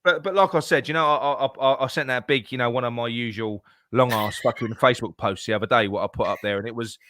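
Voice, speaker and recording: A man's voice: mid-range voice, fast, sharp tone, a little hiss or hum. A man talking football on a podcast, swearing often and restarting his sentences. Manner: swears a lot, stumbles and restarts, heated. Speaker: podcast co-host. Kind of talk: casual football chat.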